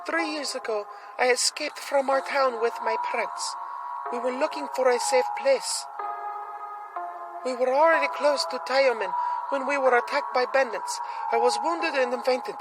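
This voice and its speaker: A man's voice: very high-pitched, normal speed, loud music behind the voice, pitched above the performer's own voice. A man voicing a sweet young refugee girl who asks for help. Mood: earnest.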